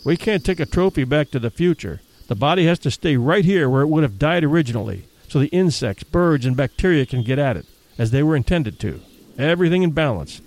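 A level-headed hunting guide, as a man reads him in a storybook, explaining the rules quickly and plainly. His voice moves up and down with lively inflection. He sounds practical rather than alarmed. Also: fairly high pitch. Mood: matter-of-fact. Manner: brisk, matter-of-fact explaining.

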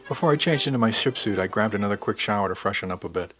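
A man's voice: fairly low pitch, expressive, rapid-fire, fairly bright tone, faint music behind. A man narrating a first-person audiobook in an easygoing, conversational way.

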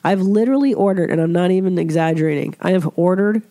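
Woman podcast host with a cold: stuffy, chatty, loose-mouthed, with a dark, dry tone. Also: on the low side, fast, no echo. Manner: chatty, swears freely, puts on voices when quoting others. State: congested from a cold. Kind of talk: casual chat.

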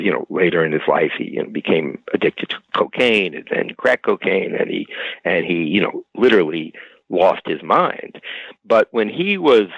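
Gravelly deep-voiced man, halting. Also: no room sound, highs cut off. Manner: halting, full of restarts and repeated words. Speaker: author being interviewed. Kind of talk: reflective interview conversation.

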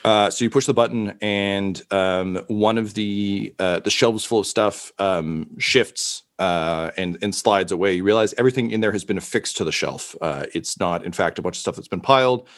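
A man running a tabletop game as dungeon master, describing scenes in a halting way with many pauses. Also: on the low side. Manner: halting, full of ums and uhs, slow descriptions.

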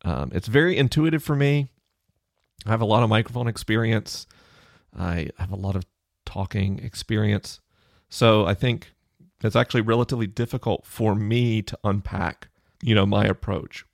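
A man hosting a science Q&A podcast alone in his office, explaining in a relaxed, conversational way into a close microphone. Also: fairly low pitch, normal speed, creaky, no room sound. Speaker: podcast host answering listener questions. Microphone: close studio microphone off to the side of the mouth.

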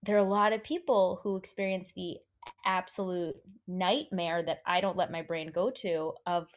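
A woman's voice: lowish voice, fairly even intonation, moderate pace. Earnest woman talking emphatically. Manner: earnest, emphatic, repeats points for stress. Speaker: podcast host, mother. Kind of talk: casual chat.

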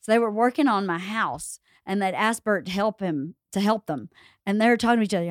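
A middle-aged woman with a Southern accent, hosting a casual podcast chat and telling family stories with lively put-on voices. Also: medium pitch, brisk, no echo, studio quality. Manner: animated storyteller who acts out family voices. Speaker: podcast host.

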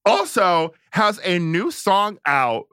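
A sassy man hosting a podcast, gossiping in a bright voice that sits a little high. The sound is close and dry. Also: big pitch swings, takes it slowly, smooth, no room sound. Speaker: podcast host. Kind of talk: casual chat.

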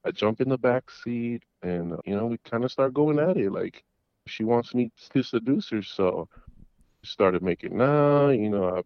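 A middle-aged man calling in to a talk show, telling a story in a rambling, halting way full of restarts and fillers. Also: medium pitch, lively intonation, no room sound, muffled recording. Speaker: caller. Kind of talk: casual storytelling. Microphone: phone call.

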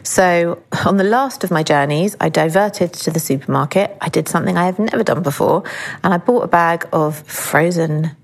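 A woman's voice: on the low side, normal speed. Candid middle-aged woman, podcast co-host. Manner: candid, swears freely, animated storytelling. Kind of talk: casual chat.

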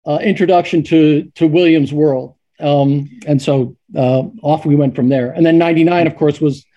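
A man's voice: fairly high pitch, steady tone, moderate pace, muffled recording. A middle-aged man, a sportswriter guest, telling stories casually with many restarts and fillers. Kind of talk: casual storytelling.

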